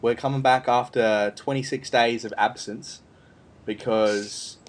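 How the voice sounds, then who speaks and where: A man's voice: medium pitch, steady tone, measured pace, a little hiss or hum. A man hosting a casual film review podcast, rambling with lots of fillers and restarts. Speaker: podcast host.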